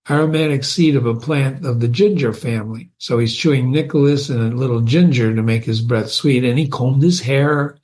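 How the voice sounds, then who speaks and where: A man reading a classic comic poem aloud, pausing to explain words and images to his listeners. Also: medium pitch. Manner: slow, explaining asides to listeners. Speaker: reader of classic poetry.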